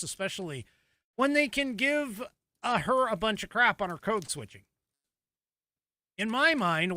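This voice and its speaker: American male podcast host, high, bright and dry, combative mocking commentator. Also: dry recording. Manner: combative, mocking, rising emphatic delivery. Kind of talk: solo political commentary.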